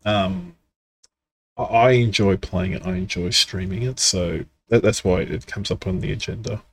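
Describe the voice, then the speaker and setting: A man's voice: deep voice, moderate pace. A man co-hosting a casual gaming podcast, giving frank, opinionated takes. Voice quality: gravelly, husky. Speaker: podcast co-host.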